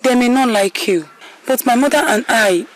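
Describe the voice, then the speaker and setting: An actress playing a kind young princess in a Nollywood epic, gentle and consoling. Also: female voice, a little high, normal speed, close to an everyday voice. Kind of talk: Nollywood film acting.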